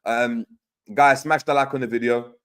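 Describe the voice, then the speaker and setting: A man's voice: medium pitch, fairly even intonation, moderate pace, a bit bright, smooth. A man hosting a livestream, reading chat comments aloud in slangy, teasing banter. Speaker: host reading live chat.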